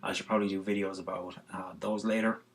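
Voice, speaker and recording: Rambling Irish man with a lowish voice. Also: level tone, fast talker. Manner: rambling, heavy on fillers and restarts. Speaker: vlogger. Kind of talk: casual musing monologue.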